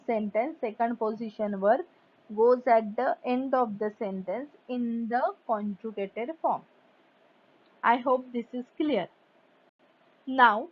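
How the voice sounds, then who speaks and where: A woman teaching a German grammar lesson, reading example sentences and then explaining them carefully in English. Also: on the high side. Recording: dull lo-fi recording.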